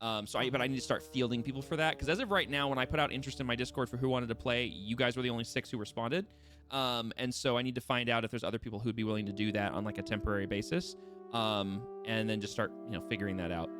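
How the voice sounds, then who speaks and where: A man's voice: medium pitch, steady tone, fast talker. A young man running a tabletop game, talking animatedly and laughing at himself as he rambles with restarts. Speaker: game master. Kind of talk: casual table talk between sessions. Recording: music bed playing behind voice.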